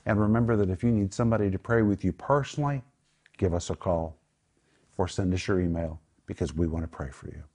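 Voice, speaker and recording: Man, low voice, Bible teacher, preaching style, emphatic, earnest. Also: brisk, darkish tone. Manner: earnest, emphatic, prays aloud. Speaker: Bible teacher on a Christian talk show.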